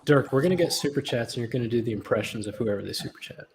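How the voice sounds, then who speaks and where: Gravelly-voiced man, blunt in casual chat. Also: medium pitch, expressive, very fast, a little mellow, a little hiss or hum.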